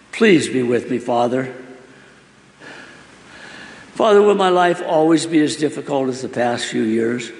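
A man's voice: mid-range voice, vocal fry. A man giving an emotional first-person testimony, earnest and pleading as he asks many questions. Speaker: storyteller. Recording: roomy hall with long reverb.

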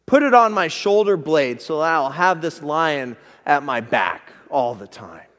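Brief: a preacher putting on a scared, pleading young man, slightly high voice, long reverb. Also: expressive, measured pace, fairly bright tone. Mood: eager. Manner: pleading, whimpering in pain. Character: frightened young man getting a lion tattoo.

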